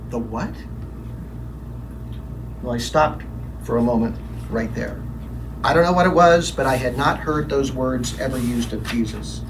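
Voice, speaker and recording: A man's voice: mid-range voice, measured pace, long pauses, recorded from a distance, background noise, lightly acted. A man playing a troubled, defensive middle-aged Roman governor in a first-person dramatic monologue, telling his story in a brooding, confessional way with emphatic quoted lines.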